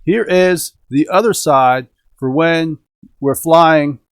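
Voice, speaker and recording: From indoors at home, a middle-aged man with a voice on the high side hosts a radio-control hobby live stream. He talks slowly in a clean tone, casually and cheerfully engaging viewers and the chat, with no room sound.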